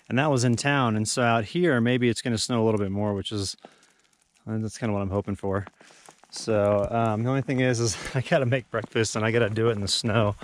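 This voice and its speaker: A man's voice: fairly low pitch, slight background noise. Man, outdoor vlogger, easygoing rambling talk, camera mic in snowy woods. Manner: relaxed, rambling, with many fillers. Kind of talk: casual outdoor vlog narration. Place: snowy backcountry camp outdoors.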